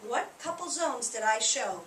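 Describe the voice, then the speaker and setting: A woman teacher giving a lively lesson to young children, acting out feelings for the class. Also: on the high side, a little slow, crowd noise. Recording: echoey room recorded from a distance.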